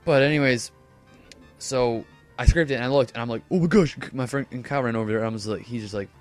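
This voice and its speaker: Talking fast and smoothly with fairly even intonation, a teenage boy with a mid-range voice rambles through a casual story over his gameplay commentary, packing it with fillers and corrections of himself. Soft background music plays under his desk microphone.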